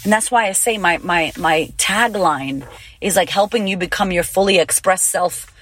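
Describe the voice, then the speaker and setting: A woman's voice: fairly low pitch, normal speed, no room sound. Woman in her 30s ranting motivational stuff on her podcast, swears a lot, punchy, super dry close sound. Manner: blunt, swears freely, emphatic and lively. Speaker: podcast host and confidence coach. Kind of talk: casual motivational monologue.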